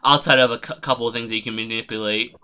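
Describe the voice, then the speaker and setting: A man streaming a game live, chatting casually and swearing a lot, rambling and then shouting suddenly at the game. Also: medium pitch, fairly even intonation, rapid-fire, clear, resonant tone, lo-fi sound. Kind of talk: casual live gameplay commentary.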